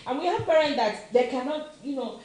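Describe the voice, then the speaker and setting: Lively intonation marks this high-sitting, slightly mellow voice, which moves fairly quickly. The speaker, a middle-aged Nigerian woman commentating with a Nigerian accent, argues her opinion passionately, repeating questions emphatically and dropping into Yoruba; the room is very echoey, with faint noise.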